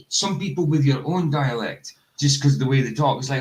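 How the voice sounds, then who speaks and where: A man's voice: mid-range voice, animated, normal speed, low-quality recording. A man from Fraserburgh chatting casually while reacting to a video, rambling and laughing often. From Fraserburgh, Scotland. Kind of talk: casual chat.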